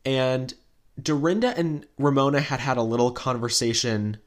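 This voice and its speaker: Animated gossiping male podcast co-host. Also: mid-range voice, moderate pace. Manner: animated storytelling, acts out quotes, many "like" fillers. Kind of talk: casual gossip chat.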